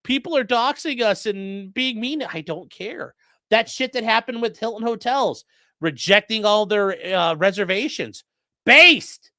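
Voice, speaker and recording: A streamer giving casual legal commentary and reading chat, blunt, profane and mocking, swinging between loud outbursts and low muttering. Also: lively intonation, unhurried, no echo, studio quality.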